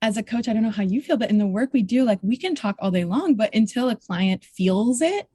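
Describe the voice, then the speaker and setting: A woman's voice: fairly high pitch, expressive, a little fast, dark tone, husky, dry recording. A woman coach talks as a podcast guest in a dry, close-miked sound. She is reflective and casual, sometimes tripping over her words, and swears now and then. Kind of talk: casual conversational interview.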